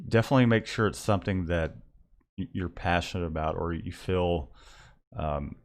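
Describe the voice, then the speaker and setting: Young male co-host with a low voice, halting casual delivery. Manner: hesitant, repeats words when starting. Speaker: co-host of a live business show. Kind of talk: casual live-stream chat.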